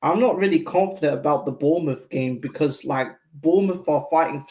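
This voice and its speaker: A man's voice: on the high side, brisk, warm tone. A man who is a regular guest on a fan show, giving frank opinions in a rambling way with lots of "like". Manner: frank, rambling, heavy use of "like". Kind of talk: casual opinion chat.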